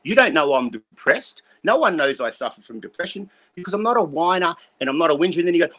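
A man's voice: a little high, animated, quick pace, hardly any pauses, fairly bright tone. A blunt man in his fifties, rambling and swearing as he talks through life lessons in an interview. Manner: blunt, rambling, profane motivational talk. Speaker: guest. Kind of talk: casual interview talk.

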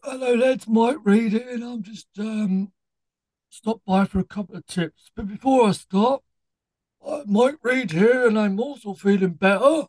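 A man doing a high, giggly tip-giver. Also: a little slow, a little mellow, no room sound, poor audio. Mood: chirpy.

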